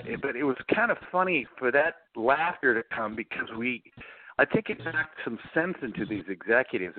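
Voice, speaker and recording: A middle-aged man, a guest author, answering interview questions with lively storytelling and acting out the voices he quotes. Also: mid-range voice. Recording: dry, tinny phone line.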